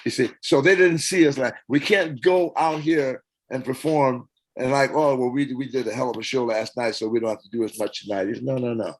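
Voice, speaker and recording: Older man, interview guest, animated storyteller, acts out quotes, mid pitch. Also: brisk, poor audio. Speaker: interview guest, former band singer.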